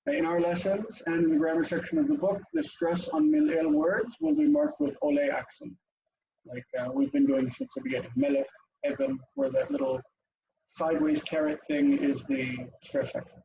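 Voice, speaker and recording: Chatty male teacher, gravelly lively voice. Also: very high voice, moderate pace, lo-fi sound, noisy background. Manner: chatty, explanatory, with frequent ums and asides. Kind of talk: online language lesson.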